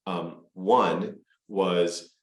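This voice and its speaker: A man with a very low voice hosts an interview over a video call. He talks casually and often restarts his sentences mid-thought. The sound is roomy and echoey. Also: fairly even intonation, extremely slow. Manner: restarts phrases often, conversational. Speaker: host, venture partner. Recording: echoey room.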